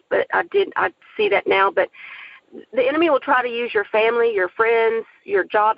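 A woman tells her story with earnest, animated conviction, her voice carrying a gravelly edge. The sound is close and dry, slightly dull and lo-fi. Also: fairly high pitch, no echo. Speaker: aspiring filmmaker telling her story. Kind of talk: personal testimony.

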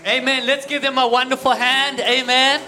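A man's voice: very high-pitched, level tone, normal speed, over music. A man with a South African accent telling a humorous personal story to an audience, getting the crowd to call back. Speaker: guest speaker.

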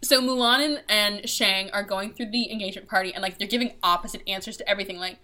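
A woman hosting a podcast in casual chat, sarcastic and animated, acting out characters in silly voices. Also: mid-range voice, fast. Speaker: podcast host.

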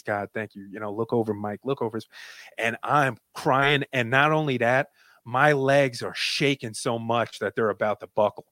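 A man's voice: medium pitch, pushed and bright, no room sound. A man in his late thirties, a guest telling an emotional personal story in a casual, rambling way with many fillers. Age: 30s.

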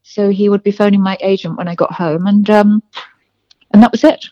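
A woman's voice: medium pitch, steady tone, moderate pace, dry recording, lo-fi sound. An older woman, a singer and actress, telling stories as an interview guest, with fillers along the way. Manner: warm storytelling with fillers, laughs easily. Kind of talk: casual interview.

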